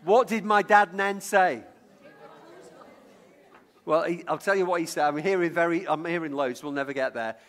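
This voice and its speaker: With some chatter in the background, a middle-aged man from Lancashire, England, gives a chatty sermon built around a childhood story, repeating words mid-sentence and asking the congregation for guesses. His voice is on the high side and a bit bright, at a moderate pace with long pauses.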